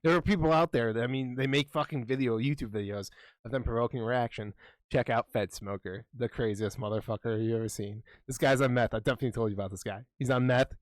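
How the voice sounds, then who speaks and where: A man's voice: medium pitch, fast talker, dry recording. A young man co-hosting a podcast in casual chat, rambling and profane, often laughing while he retells stories. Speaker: podcast co-host.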